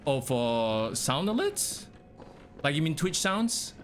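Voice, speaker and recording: A man's voice: fairly high pitch, very animated, slow. Young guy streaming, chatting with chat, bit of background hiss. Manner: chatty, talks to chat, reacts to the game. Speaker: game streamer. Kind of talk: casual live-stream commentary.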